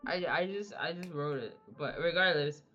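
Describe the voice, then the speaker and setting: Bright-toned deadpan co-streamer, lo-fi mic. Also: medium pitch, moderate pace, faint music behind. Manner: dry, deadpan banter, laughs along. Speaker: guest co-streamer and moderator. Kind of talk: casual chat.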